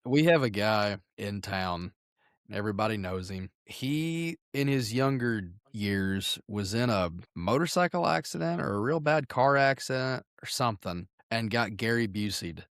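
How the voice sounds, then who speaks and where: A man's voice: lowish voice, expressive, moderate pace, a bit bright, smooth, dry recording, studio quality. A man chatting on a podcast, telling crude stories in a rambling way and correcting himself as he goes. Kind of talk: casual podcast chat.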